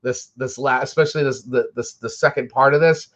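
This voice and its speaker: Eager fan co-host over dull lo-fi audio. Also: male voice, medium pitch, steady tone, a little fast, fairly bright tone. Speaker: podcast co-host. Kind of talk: casual chat about TV shows.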